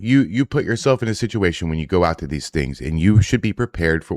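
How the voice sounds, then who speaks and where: A man's voice: low voice, animated, quick pace, darkish tone, no room sound, studio quality. A man giving blunt, profane reaction commentary on video clips, often sarcastic.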